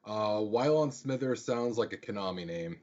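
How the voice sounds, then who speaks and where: A man's voice: on the low side, expressive, moderate pace, darkish tone, highs cut off. A man on a casual gaming podcast, guessing trivia answers aloud and swearing now and then. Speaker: podcast co-host, quiz contestant.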